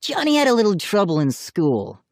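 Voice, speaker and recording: A man's voice: high voice, wildly swooping pitch, moderate pace, vocal fry, a little mellow, no room sound, voice pushed up, heavily acted. A man voicing a big, rude teenage boy who mocks his cousins, in a dry close recording for an audiobook. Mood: smirking. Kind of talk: audiobook character voice.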